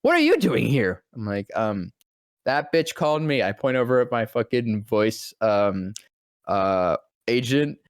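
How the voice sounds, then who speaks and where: A man's voice: medium pitch, sing-song, a little slow, no room sound, clean studio sound. Profane rambling voice actor man. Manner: rambling, profane, acts out quoted lines. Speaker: voice actor guest. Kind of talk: casual storytelling.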